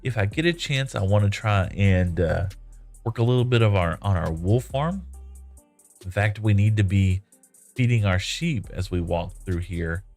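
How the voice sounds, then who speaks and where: A man with a fairly low voice streams a game live, rambling casually between tasks and reading out viewer comments. He is relaxed and laughs easily. Faint music plays softly behind him. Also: moderate pace. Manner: rambling and easygoing, laughs often.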